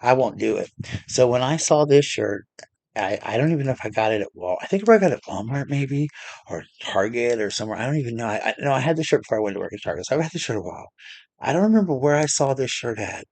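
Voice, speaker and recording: A man's voice: mid-range voice, expressive, quick pace, vocal fry, darkish tone, no room sound. A man vlogging, telling a long personal story in a chatty, rambling way with many restarts. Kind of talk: casual storytelling to camera.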